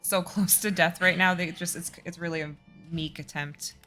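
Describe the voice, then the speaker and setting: A woman's voice: lowish voice, steady tone, normal speed, loud music behind the voice. A woman running a tabletop game as game master, narrating the action casually and laughing easily.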